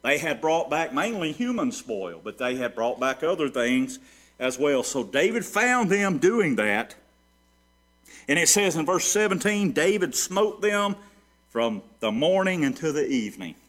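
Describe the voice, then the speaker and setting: Male pastor preaching, slightly high voice, wide swings from quiet to loud, rhetorical questions. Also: sing-song, unhurried. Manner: preaching with sweeping swings between soft and loud; asks rhetorical questions and answers them. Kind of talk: sermon.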